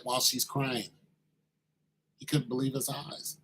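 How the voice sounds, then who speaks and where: A man telling a story in a casual monologue, animated and slangy, acting out the quoted voices. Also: mid-range voice, moderate pace, a little hiss or hum, low-quality recording.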